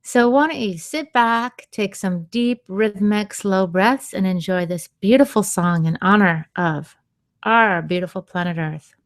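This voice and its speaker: A woman hosting a radio show on sound healing, talking gently and unhurriedly, with soft laughs and quiet asides. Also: medium pitch, unhurried, no room sound, studio quality. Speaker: radio show host and vocal sound healer. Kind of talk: slow, soothing radio talk.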